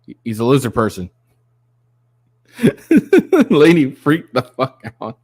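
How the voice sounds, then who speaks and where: A man's voice: mid-range voice, normal speed, a little mellow, dry recording, clean studio sound. A man hosting a casual reaction video, mocking the clip with profanity, lots of fillers, and bursts of laughter. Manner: crude, mocking, giggly, rambling. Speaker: commentary channel host.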